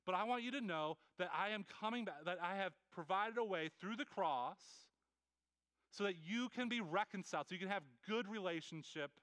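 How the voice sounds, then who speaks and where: Guy preaching, earnest and pleading, lots of restarts, smooth clear voice. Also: high-pitched, a bit bright, dry recording. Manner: earnest and pleading, with many quick restarts and repeated words. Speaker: pastor. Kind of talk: sermon.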